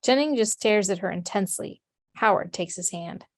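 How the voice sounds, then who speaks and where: A woman's voice: mid-range voice, normal speed, no echo. Woman narrator, plain mid voice, reads directions evenly, dry close sound. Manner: steady, matter-of-fact reading. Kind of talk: reading stage directions.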